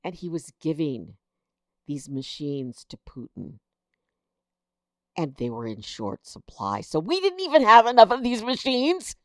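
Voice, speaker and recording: Indignant woman commentator, lively voice. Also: sits low, unhurried, no echo, clean studio sound. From United States. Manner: indignant, exasperated, incredulous. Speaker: political commentator, host. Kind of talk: casual political commentary, reading news aloud.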